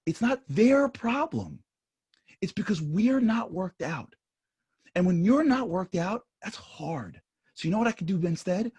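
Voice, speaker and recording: Husky-voiced earnest man on a panel. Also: on the high side, a little mellow. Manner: earnest, confessional, speaks in quick bursts with repetitions. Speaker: panel speaker. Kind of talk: impassioned panel talk. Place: livestream studio panel.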